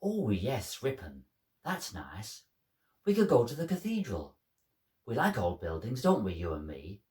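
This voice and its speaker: A man voicing his elderly mother in her seventies, sharp-tongued and jealous, in a home-made stage monologue. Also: unhurried, reverberant. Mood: sweet. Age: 70s. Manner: tart, scolding, lively swings in pitch.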